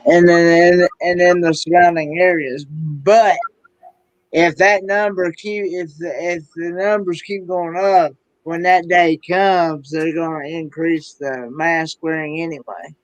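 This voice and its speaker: High-pitched man with a dry sound. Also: fairly even intonation, no echo, highs cut off. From Sullivan County, USA. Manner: halting, repeats words while speaking. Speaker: live stream co-host. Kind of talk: casual live stream chat.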